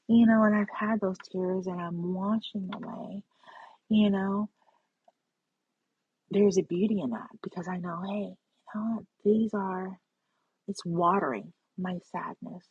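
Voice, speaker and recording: A woman with a medium-pitched, husky voice gives an earnest, spiritual personal monologue, often checking in with "right?" and "you know." The recording has a dull, lo-fi sound.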